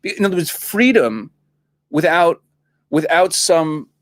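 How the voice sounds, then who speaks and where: A man with a fairly high voice, a rabbi guesting on a studio talk show. He talks in an animated way, laughs often and restarts his sentences, repeating words as he builds his point. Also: unhurried. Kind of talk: casual talk-show conversation.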